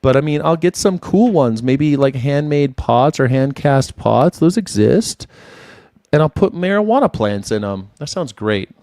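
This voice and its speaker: In his forties, this independent news and culture commentator hosts a casual livestream, rambling through commentary that trails off, repeating words and laughing often. His medium-pitched voice is animated, a little slow and slightly mellow. The recording is dry, with clean studio sound.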